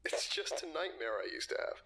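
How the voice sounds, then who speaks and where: A man voicing a frightened interview subject who recalls a nightmare in a hushed, hesitant, half-whispered way. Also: fairly high pitch, animated, a little fast, pitched above the performer's own voice. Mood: uneasy. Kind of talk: audio drama reading.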